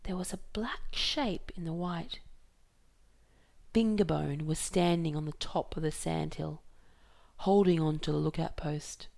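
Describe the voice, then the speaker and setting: A woman reading a novel aloud in a measured, even storytelling way. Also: low-pitched, creaky. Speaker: reader.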